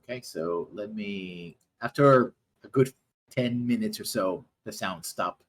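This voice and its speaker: A man narrates as the game master of a tabletop game, speaking haltingly with lots of fillers. His voice is fairly low in pitch and fairly bright in tone.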